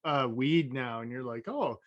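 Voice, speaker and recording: A man's voice: medium pitch, normal speed, fairly bright tone, dull audio, slight background noise. A man co-hosting a podcast, telling stories in a dry, joking way with many fillers. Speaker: podcast co-host. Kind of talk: casual storytelling.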